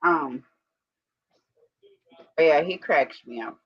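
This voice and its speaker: A woman's voice: low-pitched, animated, takes it slowly, dry recording. A woman co-hosting a live stream in a casual, rambling chat, breaking off now and then to give commands to her dog. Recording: dull lo-fi stream audio.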